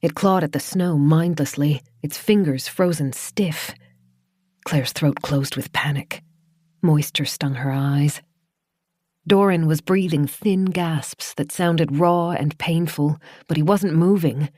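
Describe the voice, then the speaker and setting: A woman narrating a horror audiobook in a steady, measured storytelling voice into a studio microphone. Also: low-pitched, no echo.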